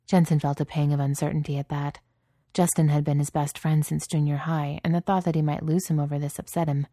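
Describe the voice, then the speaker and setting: A woman reading a story aloud in calm, even narration. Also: deep voice, brisk, no echo, studio quality. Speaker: audiobook reader.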